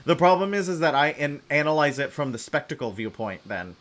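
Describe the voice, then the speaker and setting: Guy streaming a game, rambly and excitable, voice jumps up high out of nowhere, laughs a lot. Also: brisk. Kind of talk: casual chat while playing a game.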